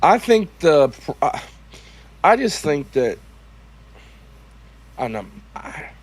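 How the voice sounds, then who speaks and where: A man with a high voice chats casually on a livestream. He rambles, stops and restarts his sentences as he searches for words. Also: big pitch swings, dry recording. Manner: halting, rambling, with false starts. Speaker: co-host of a livestream show.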